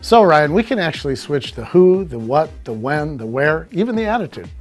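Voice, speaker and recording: A man teaching comedy technique in a measured, explanatory, scripted way. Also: on the high side, very animated, faint music behind. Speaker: comedy instructor. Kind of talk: scripted instructional talk.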